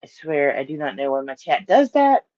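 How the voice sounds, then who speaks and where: A woman's voice: deep voice, big pitch swings, moderate pace, dark tone, lo-fi sound. A woman with a Southern US accent chatting casually to her live-stream audience, rambling and laughing often.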